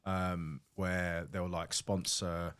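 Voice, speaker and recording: A man with a deep, low voice chips into a podcast chat. He explains points plainly and matter-of-factly. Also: flat delivery, extremely slow, a bit bright, clear, resonant tone.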